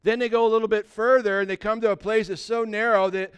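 Male preacher, high clear voice, chatty animated storytelling sermon. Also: quick pace. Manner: animated, conversational retelling.

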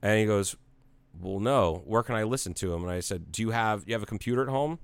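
A forty-year-old man from Ohio tells a story in casual podcast talk and acts out both sides of the conversation. His voice sits a bit low and comes across smooth and clear. The sound is dry and close, with no room around it. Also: fast talker, dry recording. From Ohio, United States. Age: 40s. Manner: casual, swears freely.

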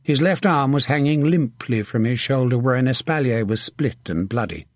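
A man narrating a historical novel in a steady, measured audiobook reading. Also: medium pitch, dry recording, studio quality. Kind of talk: scripted narration.

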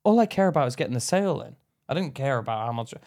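A man's voice: medium pitch, animated, fast talker, a little mellow. Blunt man telling stories. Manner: blunt, swearing storyteller. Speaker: podcast co-host. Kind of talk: casual chat.

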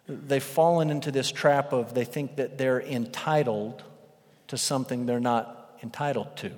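A male pastor preaching a sermon, telling a parable as a lively storyteller who acts out the characters' voices. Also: medium pitch, moderate pace. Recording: long reverb of a large hall.

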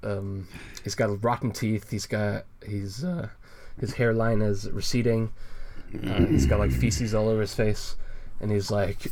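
Man, lower register, casual co-host; rambly, hesitant, laughs often. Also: steady tone, measured pace, a little mellow. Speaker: co-host reviewing a web comic. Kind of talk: casual chat.

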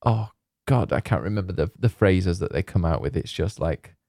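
Low, mellow-voiced man rambling casually. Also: animated, normal speed, gravelly, dry recording, studio quality. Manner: rambling, laughs often, many fillers. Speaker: podcast co-host. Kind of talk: casual chat.

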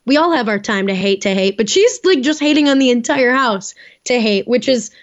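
Chatty woman cohost, bit high voice, swears a lot, kinda muffled lo-fi audio. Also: fairly quick. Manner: animated, mimics people in exaggerated voices, swears freely. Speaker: podcast co-host. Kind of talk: casual chat recapping a reality show. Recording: dull lo-fi sound.

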